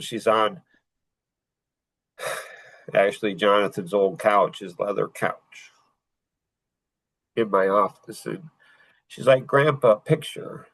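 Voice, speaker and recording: A podcast host telling a personal story in a reflective, halting way, with pauses and restarts. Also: male voice, on the low side, no room sound, low-quality recording.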